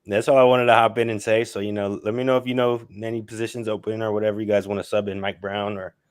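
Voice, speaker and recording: A man's voice: fairly low pitch, level tone, fast, smooth, no echo, clean studio sound. A man calling in to a sports show, eager and rambling, stumbling over his words. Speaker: caller. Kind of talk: phone-in chat.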